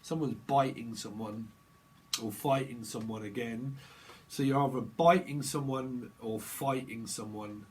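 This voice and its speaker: A man's voice: mid-range voice, a little slow, darkish tone. A man doing a casual tarot reading, rambling in playful free association and repeating words in sing-song runs. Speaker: tarot reader.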